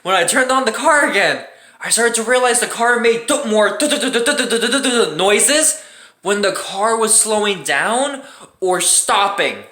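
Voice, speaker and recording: Woman YouTuber, mid-pitched, animated and profane storytime, roomy echo. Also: normal speed. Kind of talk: casual storytime vlog. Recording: roomy echoing room.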